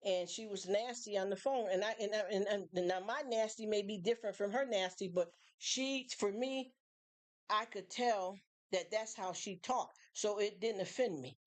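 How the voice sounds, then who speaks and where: A woman's voice: mid-range voice, moderate pace. A woman hosting a live stream, talking casually and at length to her viewers, rambling with many fillers and restarts. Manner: acts out other people's voices in quotes.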